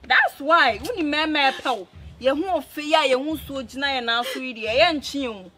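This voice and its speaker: A high, bright-voiced Ghanaian woman a caring sister, coaxing and scolding her sibling in a quick mix of pidgin English and Twi. Soft music hums behind her. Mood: comforting. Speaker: sister consoling a heartbroken woman. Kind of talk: film drama acting.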